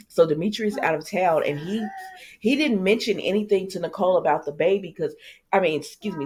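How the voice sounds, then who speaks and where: Female host, casual soap recap, chatty and lively, speaks directly to viewers. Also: sits low. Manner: chatty, lively, talks straight to viewers with asides.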